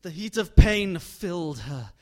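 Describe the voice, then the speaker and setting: Slow, deliberate male storyteller. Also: sits high, very animated, mellow. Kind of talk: dramatic story narration.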